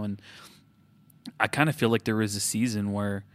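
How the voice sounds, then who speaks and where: Male co-host, 30s, low pitch, dry close sound, reflective faith chat with restarts. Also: a little fast, fairly bright tone, no echo. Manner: reflective, self-correcting, with frequent restarts. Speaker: podcast co-host. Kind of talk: casual faith conversation.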